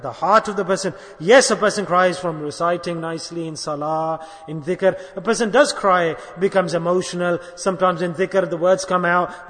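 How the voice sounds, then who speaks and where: A man delivers a sermon in a high, bright voice. He is emphatic, repeats his key points and keeps asking the congregation questions. His words ring out with a long reverb, as in a large hall. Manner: emphatic, repetitive, rhetorical questions. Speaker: Islamic preacher.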